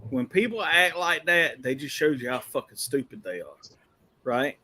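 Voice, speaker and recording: A man's voice: mid-range voice, expressive, moderate pace, bright, forceful tone, slight background noise. A man in casual chat, giving emphatic, profane opinions about rude people.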